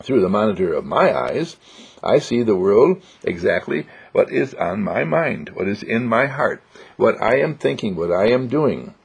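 An inspirational speaker with a lowish, gravelly voice and a breathy edge talks in an unhurried, sing-song way. His joyful spiritual motivational monologue repeats simple affirmations and comes through a dull lo-fi recording.

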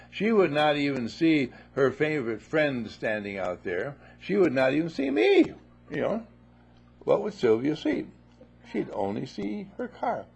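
A man's voice: medium pitch, creaky, husky. A man giving a spoken teaching talk, telling playful stories and repeating his phrases for effect. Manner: playful, repetitive storytelling.

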